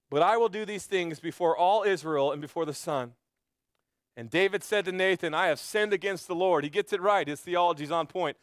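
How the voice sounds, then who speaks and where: A man preaching a sermon, retelling a story dramatically and swinging between loud emphasis and hushed intensity. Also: high voice, no room sound. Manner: storytelling preacher, acting out quoted voices. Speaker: pastor.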